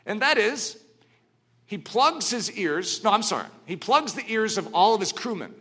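A man preaching a sermon, telling stories dramatically and swinging from hushed to ringing. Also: high-pitched, expressive, moderate pace, husky.

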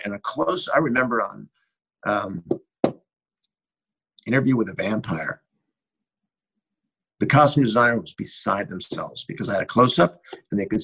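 A middle-aged man, a cinematographer, telling rambling and animated anecdotes in an interview, often restarting his sentences. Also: mid-range voice, poor audio. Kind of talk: interview storytelling.

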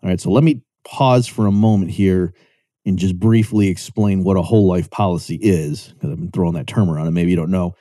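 A man's voice: brisk, warm tone, dry recording, clean studio sound. A man giving a conversational explanatory lecture, checking in with listeners and lifting his voice to act out quoted remarks. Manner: chatty, checks in with rhetorical "right?"; acts out quoted voices with lifted pitch. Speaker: economics lecturer.

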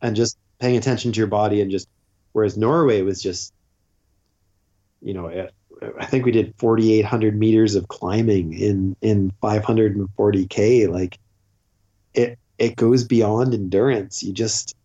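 A man's voice: lowish voice, fairly even intonation, a little slow, mellow, dull audio. A man guest telling a long story in a casual, rambling way, full of fillers. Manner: rambling, filler-heavy with frequent "like".

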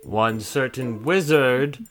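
A man's voice: medium pitch, slow pace, fairly bright tone, faint music behind. A man playing a tabletop game, flustered and joking. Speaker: player.

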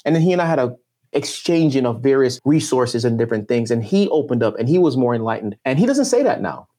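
A man's voice: medium pitch, sing-song, fast talker, mellow. A man speaking as a podcast guest, telling a personal story in an emotional, emphatic way. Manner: passionate and emphatic, with swinging intonation.

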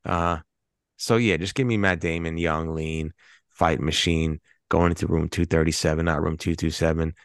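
A man co-hosting a casual movie podcast, animated and teasing, with a lot of swearing. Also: a bass voice, moderate pace, no room sound, clean studio sound. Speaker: podcast co-host. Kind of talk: casual chat.

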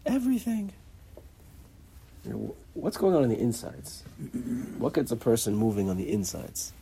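A man giving an informal religious lecture in a halting way, often repeating words and acting out little dialogues. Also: lowish voice, sing-song, creaky, dark tone, slight background noise. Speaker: religious teacher.

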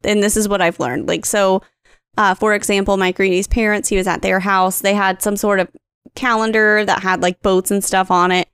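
A woman's voice: medium pitch, steady tone, moderate pace, a bit bright, clear, resonant tone, no room sound, studio quality. A woman in her thirties co-hosting a podcast, chatting casually and acting out her kids' voices in her stories. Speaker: podcast co-host. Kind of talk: casual storytelling chat.

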